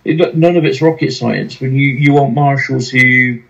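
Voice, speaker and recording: A man hosting a relaxed podcast, speaking plainly with dry humour. His mid-pitched voice has a gravelly, creaky edge. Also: moderate pace, lo-fi sound. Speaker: podcast host. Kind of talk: casual podcast chat.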